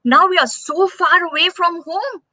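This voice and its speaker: A woman's voice: very high voice, unhurried, pushed and bright, dry recording, pitched above the performer's own voice, exaggerated voice. A woman voicing a doting mother leopard in a children's story, fondly scolding her cub.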